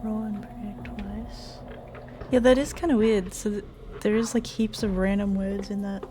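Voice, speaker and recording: A woman's voice: medium pitch, steady tone, normal speed, background noise. A woman streamer chatting casually as she reacts to a video, giggly and easily spooked.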